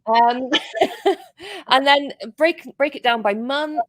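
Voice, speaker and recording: A woman hosting a casual chat, chatty and playful with quick asides. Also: sits high, no room sound, studio quality. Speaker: podcast host.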